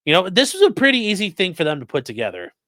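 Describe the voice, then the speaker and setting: A man's voice: sits high, wildly swooping pitch, fast, a bit bright, dry recording. A man hosting a true crime livestream, reading court papers aloud with sarcastic, profane asides. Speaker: host.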